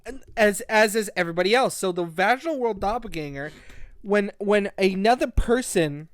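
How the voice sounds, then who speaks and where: A man hosting a casual book-review podcast, retelling the plot in an excited, rambling way. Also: high voice, moderate pace, no room sound. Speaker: podcast host.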